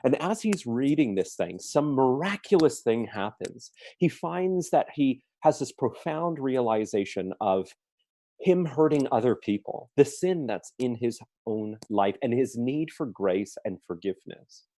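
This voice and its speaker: A man's voice: mid-range voice, animated, unhurried, warm tone. A man answering questions at a forum, telling a story earnestly with emphatic stresses.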